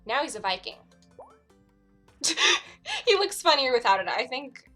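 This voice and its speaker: A woman's voice: high-pitched, big pitch swings, measured pace, fairly bright tone, soft background music. A young adult woman streamer chatting casually over a game, with frequent laughs and wry asides.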